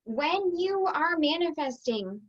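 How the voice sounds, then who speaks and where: A woman's voice: high voice, expressive, slow pace, highs cut off. A woman business coach teaching an online masterclass, upbeat and conversational, acting out the thoughts she quotes.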